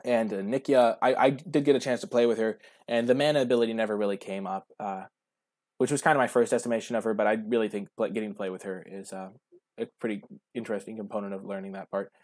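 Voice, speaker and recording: Man, low voice, casual draft commentary, chatty, thinks aloud, answers chat. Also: steady tone, fast, darkish tone. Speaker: streamer.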